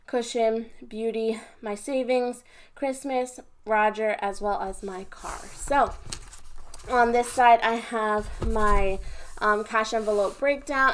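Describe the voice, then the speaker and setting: Chatty young woman, slightly high voice. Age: 20s. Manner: chatty, upbeat, talks while counting cash. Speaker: budgeting vlogger. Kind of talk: casual chat to camera.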